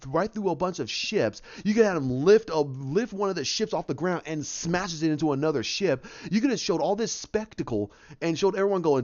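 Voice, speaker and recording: Animated man on a lo-fi podcast. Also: a little high. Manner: excited, rambling, acts out scenes with voices and sound effects. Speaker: podcast host. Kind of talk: casual solo podcast commentary.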